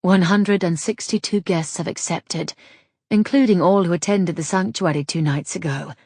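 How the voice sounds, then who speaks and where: A brisk, sharp-tongued proper lady who talks crisply and gets straight to business, as a woman reads her in an audiobook. Her voice is low and slightly husky, with a dry close sound. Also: no room sound. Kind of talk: audiobook character voice.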